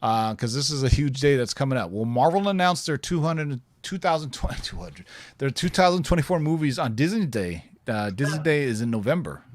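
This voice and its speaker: A man's voice: medium pitch, a little fast. A man co-hosting a casual live stream, reading viewer questions and rambling with self-corrections and chuckles.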